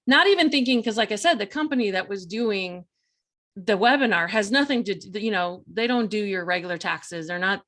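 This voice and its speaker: A woman hosting a talk show, telling a personal story in a chatty, animated way, full of fillers and quoted self-talk. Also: mid-range voice, fairly quick. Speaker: podcast host.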